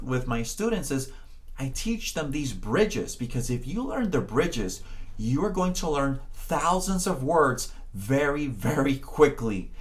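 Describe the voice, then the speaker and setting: A man teaching a Spanish pronunciation lesson, encouraging the learner, often checking in with "okay?", and drawing out words slowly to model them. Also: mid-range voice. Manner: slow, drawn-out words when modeling sounds. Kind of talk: spoken language lesson.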